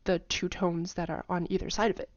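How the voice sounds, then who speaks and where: A woman casually explaining tone patterns in a lesson, talking in a chatty way with lots of fillers and humming or singing syllables to show pitch. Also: steady tone, brisk, dry recording, highs cut off. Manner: chatty, many fillers, hums and sings tone patterns. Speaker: language teacher.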